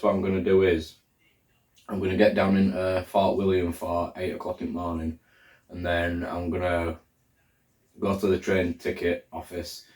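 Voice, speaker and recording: A deep-voiced man chats casually to camera, rambling and thinking aloud with lots of fillers. He sounds set back from the mic in an echoey room. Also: darkish tone, recorded from a distance. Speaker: hiker vlogger. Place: indoors, room where he is drying socks under a fan.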